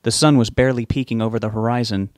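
A man narrating a novel in a steady, measured reading voice. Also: mid-range voice, no echo, studio quality. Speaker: audiobook narrator.

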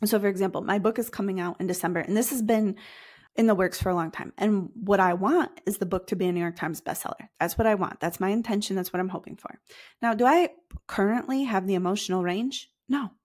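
A woman's voice: mid-range voice, fast, a little mellow. A woman hosting a solo podcast as a money coach, talking casually and conversationally and repeating phrases for emphasis. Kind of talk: solo podcast teaching talk.

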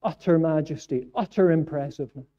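A man's voice: on the high side, fairly quick, dark tone, highs cut off. A man preaching a sermon in church, earnest and repeating phrases for emphasis. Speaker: pastor.

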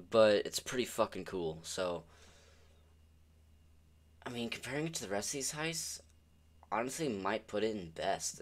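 A young man giving casual, rambling commentary on video games, swearing often and sounding exasperated. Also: on the low side. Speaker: gaming video creator.

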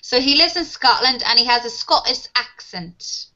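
A woman's voice: on the high side, expressive, moderate pace, bright, forceful tone, dull audio. A woman teaching an online English class, chatting casually and laughing as she talks about TV shows. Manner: chatty, laughs often, addresses students as guys.

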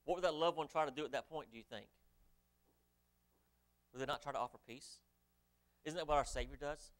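With a fairly high-pitched voice and a brisk delivery, a male preacher reads scripture in antiquated wording and challenges his congregation with rhetorical questions.

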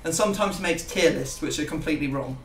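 Gaming host, young, loose rambling banter; echoey room, a touch off-mic. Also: male voice, fairly high pitch, fast, far from the mic. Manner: rambling, self-mocking banter. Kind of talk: casual gaming chat.

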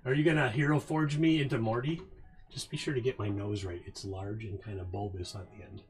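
A man's voice: lowish voice, fairly even intonation, brisk. A man casually chatting on a live stream while working, rambling, joking and talking to himself. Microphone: headphones on.

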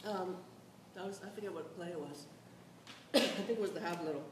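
A middle-aged woman from the South Bronx, telling stories on a panel in a blunt, animated way, swearing freely and laughing often. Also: lowish voice, moderate pace. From South Bronx, New York. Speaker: playwright on a discussion panel. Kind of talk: candid storytelling on a panel. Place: theatre or auditorium. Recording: echoey hall, distant mic, noisy.

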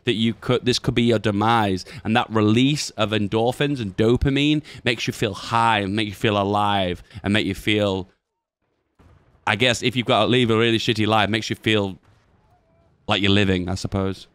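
A man's voice: on the low side, moderate pace, fairly bright tone, clear, resonant tone, no echo. A man rambling and musing aloud in casual chat while commenting on gameplay.

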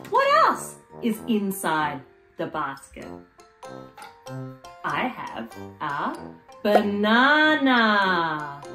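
Very slow, sing-song woman teaching toddlers. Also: medium pitch. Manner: exaggerated, sing-song, repeats words for children to copy. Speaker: preschool video presenter. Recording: echoey room with faint music underneath.

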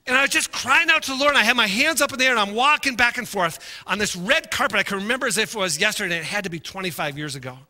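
A middle-aged male pastor preaching a sermon, telling stories and moving between quiet asides and impassioned shouting. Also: sits high, lively intonation, rapid-fire, hardly any pauses. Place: large church sanctuary. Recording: long hall reverb.

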